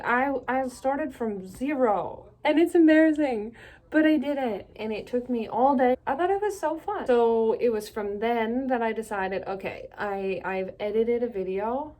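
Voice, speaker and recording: A woman's voice: high voice, darkish tone. Laughing, self-deprecating Canadian woman vlogging. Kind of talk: casual solo vlog.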